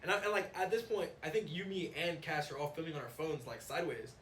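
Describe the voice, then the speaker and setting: A young man co-hosting a casual podcast, telling a story with excitement and calling his friend bro. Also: on the high side, quick pace. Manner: excitable, animated storytelling, says bro often. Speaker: podcast co-host. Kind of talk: casual chat. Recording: roomy, distant, faint noise.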